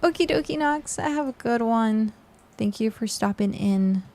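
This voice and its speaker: A woman's voice: fairly high pitch, a little slow, a little mellow. A woman game streamer chatting casually with her viewers, tired and congested, with lots of fillers. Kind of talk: casual live-stream chat.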